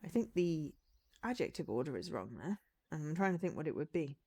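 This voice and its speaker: Woman, streamer, live-stream commentary, chatty, lowish pitch, animated. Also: fairly quick, husky. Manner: chatty, musing aloud, critiques wording. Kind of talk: live-stream visual novel reading with commentary.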